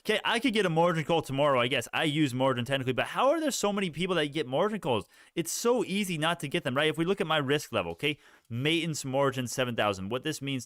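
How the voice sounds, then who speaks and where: A man's voice: mid-range voice, a bit bright, no room sound, studio quality. A young man hosting a casual stock live stream, rambling, reading the chat and restarting sentences.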